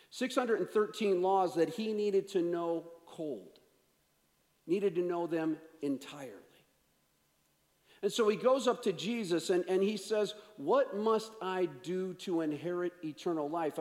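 Reverberant preaching man, slightly high voice. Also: a little mellow. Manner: conversational preaching with asides. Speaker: pastor. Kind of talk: sermon. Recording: long reverb of a church hall.

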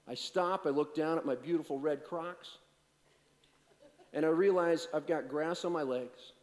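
In a large hall, a man with a fairly high-pitched voice gives a sermon as pastor. His delivery swings from loud, emphatic preaching to quiet anecdotes that poke fun at himself.

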